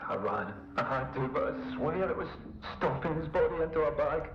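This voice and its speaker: A man's voice: on the high side, expressive, normal speed, dull audio, faint music behind, lightly acted. An actor playing a nervous man confessing in a recorded game log, heard distant and echoey. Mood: haunted. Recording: echoey, played in game from afar.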